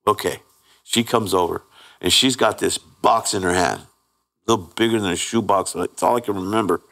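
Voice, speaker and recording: His voice is low-pitched and fairly bright, with fairly even intonation at a normal speed, as this guest tells his personal testimony. He speaks candidly and earnestly, voicing the people in his story, often restarting and checking in with "right?".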